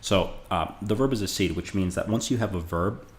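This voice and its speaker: Using a low voice at a brisk pace, a man from the United States gives a relaxed, talkative beginner Spanish lesson. He often restarts and keeps checking on the listener with "okay?".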